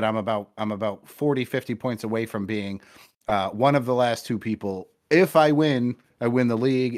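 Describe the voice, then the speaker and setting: A young man co-hosting a casual sports podcast, rambling and swearing as he gets excited. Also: mid-range voice. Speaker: podcast co-host. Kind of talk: casual chat.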